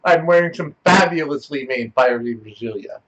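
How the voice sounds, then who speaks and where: A man's voice: on the high side, lively intonation, moderate pace, a bit bright, highs cut off, a little hiss or hum. A man chatting casually as a player in a tabletop game, playful and laughing often.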